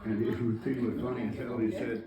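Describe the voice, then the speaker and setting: A man in casual family chat, blunt and quick to launch into a story. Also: mid-range voice, flat delivery, echoey room, a loud crowd.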